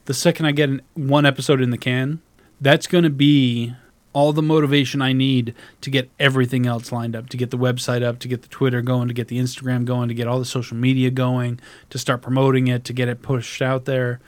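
A man talking on a casual podcast, rambling in a self-deprecating way and cursing as he goes. His voice sits at an average pitch. The recording is dry and close, with no room sound. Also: level tone, brisk, no room sound. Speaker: podcast co-host.

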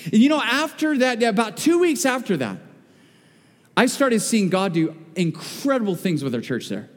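A man's voice: high-pitched, big pitch swings, moderate pace, big-room sound. A man preaching a sermon as pastor, mixing family stories with emphatic, rising calls to persistent prayer. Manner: storytelling with emphatic, rising exhortations. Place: church sanctuary.

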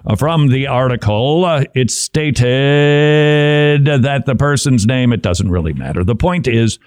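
A man hosting a Christian commentary show talks slowly and casually in a medium-pitched, slightly mellow, smooth voice. His manner is wry and conversational, with asides and chuckles, and the studio sound is clean with no room echo.

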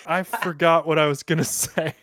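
A man with a fairly high voice, co-hosting a casual podcast. He rambles through football talk with crude, self-mocking jokes, heard close and dry. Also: steady tone, moderate pace, a bit bright, no room sound. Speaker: podcast co-host. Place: in Europe.

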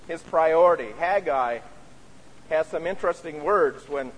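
Here a pastor's voice runs a little high and a little slow as he preaches. Earnest throughout, he keeps punctuating his points with "you see," all captured with the reverberation of a church sanctuary.

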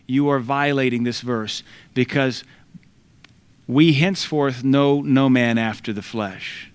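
Man, preacher, middle-aged, emphatic sermon delivery, medium pitch. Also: takes it slowly, clear, resonant tone. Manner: emphatic, quotes scripture, mimics voices for effect.

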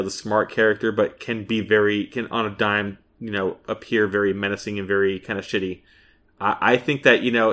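A man co-hosting a podcast in casual chat, thinking out loud and restarting his sentences. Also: fairly low pitch. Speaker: podcast co-host.

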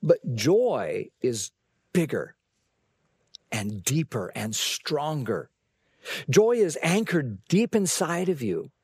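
A man's voice: a little high, slightly rough. A man preaching a Christmas sermon in a conversational way, asking the listeners questions and often repeating words. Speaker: pastor.

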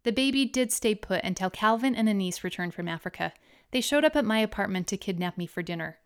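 A woman narrating her own memoir in an audiobook reading, with expressive storytelling. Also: medium pitch, fast talker, smooth.

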